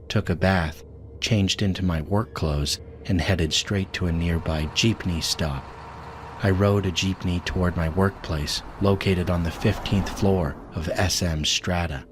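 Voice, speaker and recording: Man, very deep voice, scripted horror narration, measured delivery, music underneath. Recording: voice-over with music behind.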